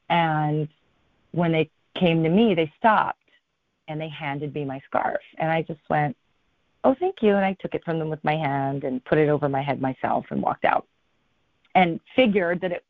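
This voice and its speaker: A woman telling a long travel story as an interview guest, her telling lively, with people's words acted out. The sound is thin and phone-like, with no room echo at all. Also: low voice. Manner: animated storyteller, acts out quotes. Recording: thin phone-like line, dry.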